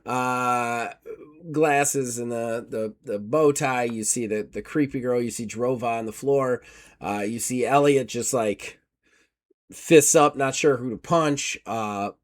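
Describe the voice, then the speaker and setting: A man's voice: mid-range voice, a little slow. A man running a tabletop horror game, narrating loosely with lots of fillers. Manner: loose, rambling with many fillers. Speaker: game master.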